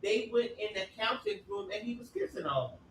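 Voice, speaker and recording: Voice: medium pitch, animated, fast talker, a bit bright, low-quality recording. A co-host talking casually and cutting in with opinions during a live recap chat. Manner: conversational, interjecting. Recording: faint background noise.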